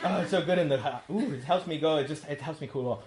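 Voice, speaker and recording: A priest with a New York accent giving a talk to young adults, telling jokey stories and acting out quotes. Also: male voice, fairly high pitch, quick pace, darkish tone, echoey room. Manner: storytelling, jokey, acts out quotes. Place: meeting room.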